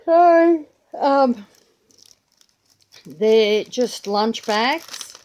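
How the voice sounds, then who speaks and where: A woman's voice: a little high, animated, drawn-out words, a little mellow. An older Australian woman with a grandchild, chatting casually and rambling through her planner and pens in a vlog. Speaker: vlogger. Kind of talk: casual chat.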